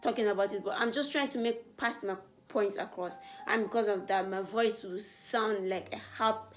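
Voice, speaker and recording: A young African beauty vlogger chats casually through a get-to-know-me Q&A, answering viewer questions at a normal speed. She's earnest and animated, and her voice climbs higher and louder when she gets excited, with faint music playing softly behind her.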